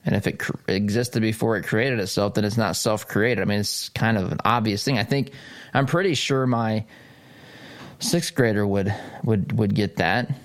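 A man hosting a conservative talk radio show, talking in a chatty, rambling, argumentative way with frequent chuckles. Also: fairly low pitch.

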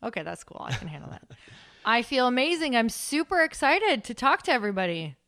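A woman's voice: a little high, big pitch swings, fairly quick, fairly bright tone, no echo, studio quality. A woman in her thirties, a guest on a podcast, talking openly and reflectively and laughing easily. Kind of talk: podcast interview.

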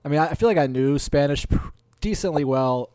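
A man's voice: fairly high pitch, a little fast, darkish tone, clean tone, no echo. A man from North Carolina in casual chat, telling stories in a rambling, hedging way.

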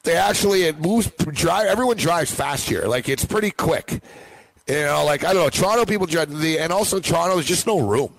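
A man's voice: a little high, lively intonation, brisk, creaky, rough recording. A young man hosting a sports betting show, chatting casually and rambling, often repeating himself.

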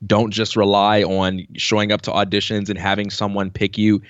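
A man's voice: lowish voice, moderate pace, dry recording, muffled recording. A man telling stories about his career in a casual interview, acting out the voices of people he quotes. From New York. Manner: animated storyteller, acts out quoted voices. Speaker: podcast guest.

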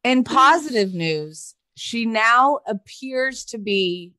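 A woman's voice: a little high, slow pace, dry recording. Wry mother recounting a story. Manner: relaxed storyteller, wry asides. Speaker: podcast co-host. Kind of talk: casual chat.

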